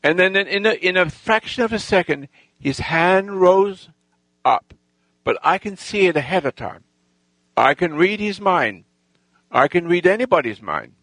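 A man with a creaky, gravelly voice drifts through a boastful personal anecdote at a slow pace. His pitch swings widely, and he stops and restarts often, losing his thread. The sound is close and dry. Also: lively intonation, fairly bright tone, no room sound, poor audio. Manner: halting, with restarts and lost threads; boastful, self-assured storytelling.

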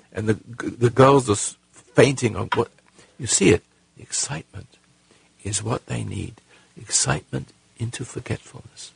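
Raspy, gravelly man hosting call-in radio. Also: fairly low pitch, no echo. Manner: halting, repeats words, earnest. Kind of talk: call-in advice talk.

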